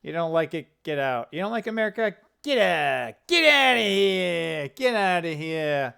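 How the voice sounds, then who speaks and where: A man's voice: on the high side, very animated, unhurried, gravelly, bright, forceful tone, smooth, heavily acted. A man doing a brash New York tough guy. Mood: defiant. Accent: put-on New York. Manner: punchy, barking short commands. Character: brash male New Yorker, blunt and combative.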